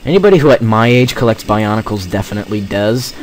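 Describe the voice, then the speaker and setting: A man's voice: fairly low pitch, expressive, quick pace, slight background noise. A teenage boy doing gameplay commentary, rambling and jokey with self-mocking asides. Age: teens. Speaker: let's play gamer.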